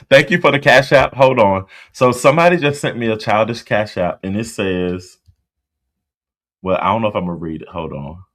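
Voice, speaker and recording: A man with a deep, low-pitched voice hosts a casual livestream. He talks bluntly and chattily, reacting out loud to viewer comments as he reads them. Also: normal speed, pauses often. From US East Coast. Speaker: livestream host.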